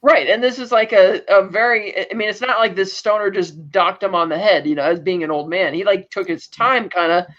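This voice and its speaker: A woman's voice: mid-range voice, brisk, hardly any pauses. Woman co-host recapping a show, lo-fi sound. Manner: animated storytelling, acts out lines with laughs. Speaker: podcast co-host. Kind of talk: casual chat recapping a TV episode.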